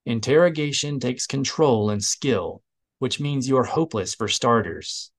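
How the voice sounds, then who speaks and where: A man's voice: mid-range voice, animated, measured pace. A man voicing a cool, cutting male Imperial major. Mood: dry.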